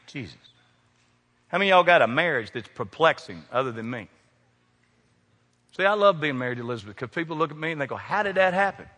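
Male pastor, folksy humor, bright tone, long church reverb. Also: mid-range voice, lively intonation, fast, long pauses. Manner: folksy, joking preacher addressing congregation by name. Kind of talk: sermon. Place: large church sanctuary. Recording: long hall reverb from sanctuary.

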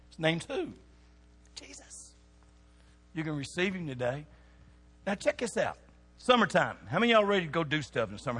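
Animated preacher, husky voice, echoing hall. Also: male voice, medium pitch. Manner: animated, asks the audience questions. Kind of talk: sermon to young people. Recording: long hall reverb.

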